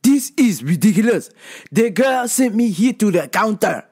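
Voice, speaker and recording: A woman's voice: mid-range voice, lively intonation, mellow, husky. Woman doing a huffy male customer in broken English. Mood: indignant. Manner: complaining, halting broken English.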